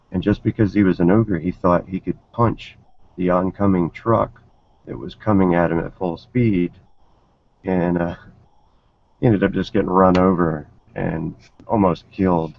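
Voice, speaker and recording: A man who designs games, speaking hesitantly and laid-back on a podcast panel with lots of pauses and fillers. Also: low voice, fairly even intonation, gravelly, a little hiss or hum. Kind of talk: casual panel discussion. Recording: dull lo-fi recording.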